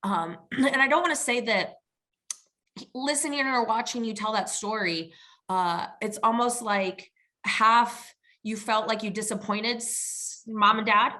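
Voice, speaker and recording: A woman's voice: on the high side, a little slow, sharp tone. A woman from Nebraska hosting a podcast, interviewing her co-host in an empathetic, emotional and chatty way. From Nebraska, USA. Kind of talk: warm conversational interview.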